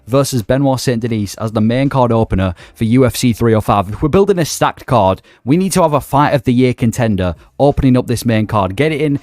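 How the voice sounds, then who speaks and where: Fast-talking enthusiastic man, dry sound. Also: medium pitch, lively intonation, a little mellow, dry recording. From not Australia. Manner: enthusiastic, emphatic, conversational. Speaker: MMA commentary YouTuber. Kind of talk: casual opinion vlog.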